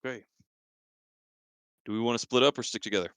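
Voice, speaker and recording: A man playing in a tabletop game, animated and quick to laugh. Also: mid-range voice, smooth, no room sound. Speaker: player. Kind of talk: casual tabletop play.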